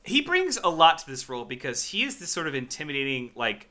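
Man, casual podcast co-host, sharp bright tone, animated, swears freely. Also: on the high side, fast talker. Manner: animated, profane, recaps scenes with wry exasperation. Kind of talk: casual movie review chat.

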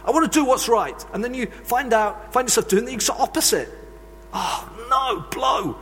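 A man's voice: extremely high pitch, lively intonation, quick pace, soft background music. A man preaching a sermon, telling earnest, confessional stories from his own life. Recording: long reverb of a large hall.

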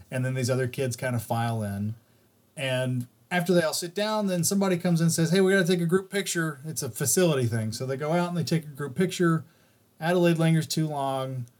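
A man's voice: medium pitch, darkish tone. A man co-hosting a podcast, telling a parenting story in casual chat. He is candid and swears freely, acting out the voices of the people in it. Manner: candid and profane, acting out the voices in his stories.

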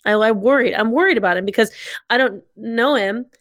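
A woman's voice: a little high, a little fast, a bit bright, no room sound, studio quality. A woman in casual podcast chat, talking loosely with many "like" fillers.

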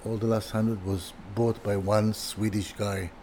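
A man's voice: lowish voice, little pitch movement, a little mellow, a little hiss or hum. An older man, a furniture designer, telling a casual story as an interview guest, stopping and restarting his sentences often. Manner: halting, with many restarts and repeated words.

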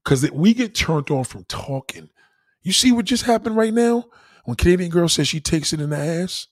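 A man hosting a casual late-night livestream, reacting loudly to chat with profane, laughing banter. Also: a little high, animated, moderate pace, no room sound, clean studio sound. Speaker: livestream host.

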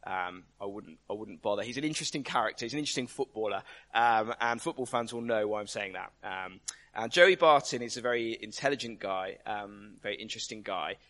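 A man's voice: on the low side, lively intonation, fairly quick, fairly bright tone. A man giving a conversational sermon, emphatic and full of rhetorical questions. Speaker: preacher.

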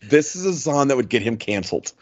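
A man's voice: medium pitch, sing-song, brisk, no echo. Laughing man in his forties, dull audio. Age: 40s. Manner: laughs often, quotes lyrics in a sing-song. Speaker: podcast co-host. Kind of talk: casual chat.

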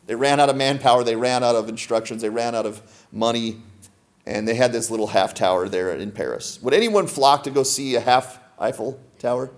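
A man preaching to a congregation in a church, his voice sitting at an ordinary middle pitch. He speaks emphatically and keeps putting questions to the people in front of him. It sounds like a pastor delivering a full sermon. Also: a little fast. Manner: emphatic, asks the congregation many rhetorical questions.

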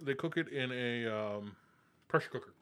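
A man's voice: mid-range voice, normal speed, a bit bright, clean tone. A man co-hosting a casual podcast, reading food facts aloud between restarts. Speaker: podcast co-host.

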